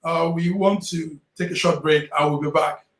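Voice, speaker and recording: A man's voice: on the high side, fairly even intonation, moderate pace, echoey room. A man hosting a live TV talk show, who talks in a hesitant way with stammering restarts.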